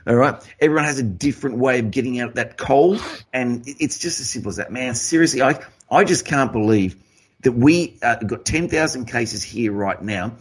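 An Australian man hosts a casual talk show, ranting hard and swearing freely. His voice is husky and sits at an ordinary middle pitch. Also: normal speed. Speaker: podcast host.

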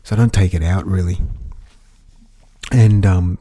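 A man's voice: low-pitched, fairly even intonation, a little slow, dark tone, slightly rough. A man rambling through stories in a casual monologue, often adding "you know" and chuckling. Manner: chatty storyteller, frequent "you know" asides; amused, chuckles while talking. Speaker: vlogger.

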